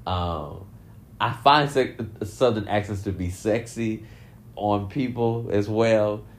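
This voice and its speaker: A man's voice: lowish voice, takes it slowly. A man giving casual commentary, swearing freely and breaking into laughter often as he talks. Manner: laughs often, profane, animated. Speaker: commentary vlogger.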